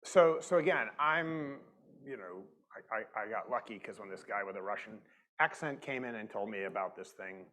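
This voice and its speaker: Brief: man, lowish voice, animated storyteller on a conference panel stage. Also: moderate pace, poor audio. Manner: animated storytelling, acts out quoted exchanges, many "like" fillers. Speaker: panelist, tech investor.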